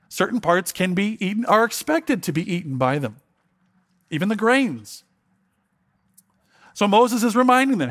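A man with a high, slightly bright voice preaches an expository sermon, reading from the Bible and commenting on it. His delivery is conversational, with frequent repeated words and questions put to his listeners.

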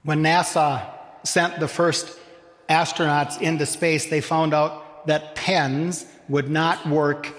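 A man preaching a sermon as pastor, slow and deliberate with dramatic pauses, addressing his congregation. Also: fairly high pitch, level tone, fairly bright tone. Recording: long hall reverb.

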